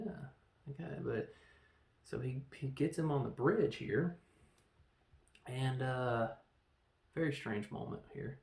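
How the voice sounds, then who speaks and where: Gravelly man rambling through a film review. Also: mid-range voice, slow pace, long pauses. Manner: rambling, animated storytelling with acted-out quotes. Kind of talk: casual movie review. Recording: echoey room.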